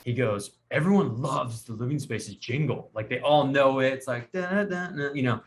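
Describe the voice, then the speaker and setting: A man's voice: medium pitch, normal speed, slight background noise. A man hosting a podcast, telling a funny story in a casual chat and acting out what people said. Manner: animated storyteller acting out quotes. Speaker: podcast host.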